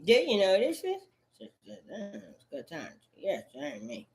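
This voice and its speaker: A woman's voice: mid-range voice, huge pitch swings, slow, creaky, a little mellow. A woman in a rambling, profane monologue, full of cursing and repetitive outbursts.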